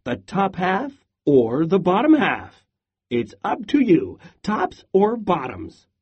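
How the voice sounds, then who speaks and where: A man's voice: high-pitched, huge pitch swings, takes it slowly, highs cut off, pitched above the performer's own voice, exaggerated voice. A man doing a sly, chirpy trickster hare. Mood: persuasive. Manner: smooth-talking, chirpy sales patter. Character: sly scheming male hare, cheerful trickster. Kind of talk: storybook read-aloud.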